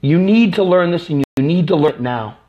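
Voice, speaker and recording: A man's voice: on the high side, expressive, fairly quick, mellow, highs cut off. A man from the United States hosting a live stream. He delivers an impassioned, angry political rant that is repetitive and profane.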